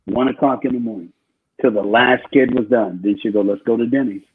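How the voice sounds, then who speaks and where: A man's voice: medium pitch, steady tone, a little fast, slightly rough. A man, a guest speaker, telling stories in a preaching style, emphatic and repeating his phrases. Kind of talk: preaching storytelling. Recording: tinny phone-like call line.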